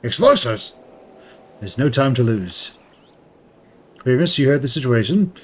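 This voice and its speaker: A stern military captain who gives orders in formal, measured words, as a man reads him out. His voice sits in a middle register and moves expressively from low, weighty tones to sharper calls. There is a game-story formality to every line. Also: very animated, husky. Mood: commanding.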